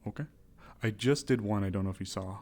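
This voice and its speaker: A man's voice: fairly low pitch, quick pace, darkish tone. A male streamer in casual chat while playing a roleplay character, hesitant and often laughing.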